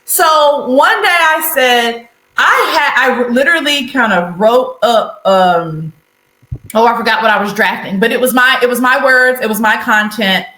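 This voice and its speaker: Bright, animated woman guest, higher voice, roomy room sound. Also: unhurried. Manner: animated, laughs often. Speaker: guest, leadership consultant. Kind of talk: conversational interview.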